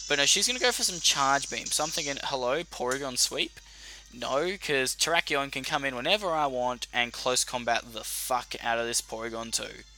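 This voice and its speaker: Bright, animated young Australian man. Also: medium pitch. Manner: animated, profane, self-correcting. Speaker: YouTuber. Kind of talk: casual battle commentary. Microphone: desk mic.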